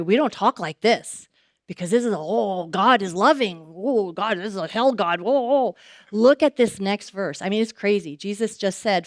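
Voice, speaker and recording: Middle-aged woman, church speaker; conversational, animated preaching; smooth, dry sound. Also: medium pitch, dry recording. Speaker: guest speaker. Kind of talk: sermon.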